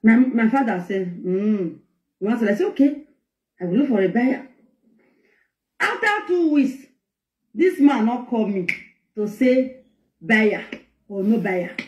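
A woman's voice: on the high side, lively intonation, measured pace, long pauses, a little mellow, recorded from a distance. A woman with a Nigerian Pidgin accent telling an emotional personal story on a live stream, acting out what people said. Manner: emotional storytelling with quoted dialogue. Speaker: guest speaker. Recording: echoey, dull audio.

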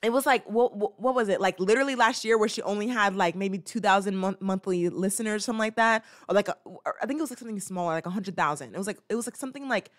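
A woman's voice: medium pitch, quick pace, few pauses. Chatty woman reacting to a clip. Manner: rambling, chatty, many fillers and restarts; playful, acts out little scenes. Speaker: host. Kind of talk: casual reaction commentary.

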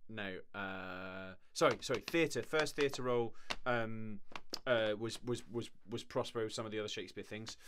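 A man's voice: fairly low pitch, background noise. A man who works as a voice actor, chatting casually on a live stream, rambling and laughing often.

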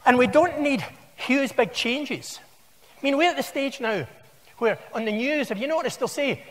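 A man's voice: very high-pitched, lively intonation, moderate pace. Wry Scottish man in his sixties. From Scotland. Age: 60s. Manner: wry, anecdotal, conversational storytelling. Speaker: conference speaker. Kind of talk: conference keynote talk. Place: large conference hall. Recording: long hall reverb.

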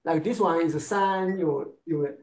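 High-pitched guy teaching chinese sounds, talks slow, broken english, chinese is his first language. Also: a little mellow. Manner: non-native English in short broken phrases, modeling Chinese sounds slowly. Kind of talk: one-on-one lesson.

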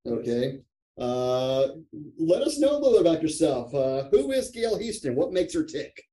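A man hosting a church podcast in casual chat, joking around and often pausing with "uh" and restarting his sentences. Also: a little high, very animated, dark tone. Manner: joking, with frequent "uh" fillers and restarts. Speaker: podcast host.

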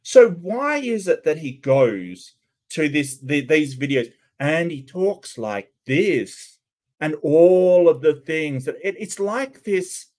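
A man's voice: on the high side, big pitch swings, takes it slowly, a little mellow. A man hosting casual reaction commentary, incredulous and questioning, with frequent restarts. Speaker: commentary host.

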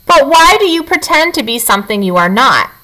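Polite stiff robot lady, woman reading aloud, kinda high voice. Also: big pitch swings, brisk, sharp tone, exaggerated voice, low-quality recording. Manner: stiff, overly formal. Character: formal stiff female robot.

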